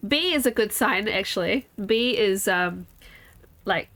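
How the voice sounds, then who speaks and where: A woman's voice: mid-range voice, expressive, unhurried, fairly bright tone. A woman, streaming a game and chatting with viewers in a rambling, giggly way. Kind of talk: casual live-stream chat while gaming.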